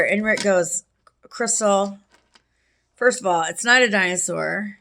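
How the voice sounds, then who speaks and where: Here a middle-aged woman recounts something personal in a chatty, meandering way, with plenty of "um"s and restarts, and allergies prompt her to clear her throat. Pitch is medium, pace moderate, and the tone comes across sharp.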